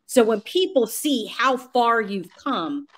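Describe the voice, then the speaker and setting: A woman's voice: fairly high pitch, lively intonation, takes it slowly. Encouraging woman interviewer. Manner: encouraging, warm questioning with affirming murmurs. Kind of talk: interview questions.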